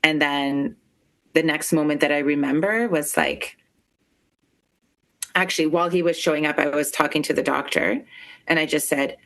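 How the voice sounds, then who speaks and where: Interview guest: woman, deep voice with vocal fry, halting, emotional, filler-heavy storytelling. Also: a bit bright.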